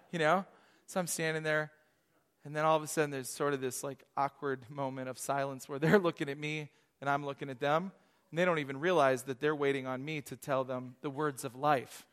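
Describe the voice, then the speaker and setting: A man in his thirties, a pastor preaching a lively sermon with storytelling asides. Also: on the high side, normal speed, smooth.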